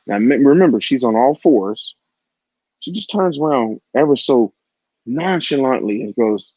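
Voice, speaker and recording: A man's voice: mid-range voice, very animated, normal speed, gravelly, darkish tone, husky, dry recording. A man in his forties telling a raunchy personal story in a crude, rambling way, with frequent asides to the listener. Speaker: vlogger. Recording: dull, lo-fi, dry audio.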